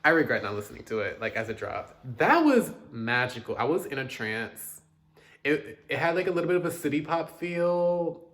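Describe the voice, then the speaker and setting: Lively, animated male music reviewer. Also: fairly high pitch. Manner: animated, chatty, quick asides, dramatic outbursts. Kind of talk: casual reaction review.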